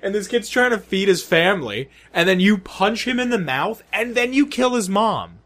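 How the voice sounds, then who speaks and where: A man co-hosting a casual podcast, his voice sitting a little high and swinging widely in pitch. He retells game scenes with swearing, laughs and quick asides. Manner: animated, swearing, laughing storyteller. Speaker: podcast co-host. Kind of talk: casual gaming podcast chat.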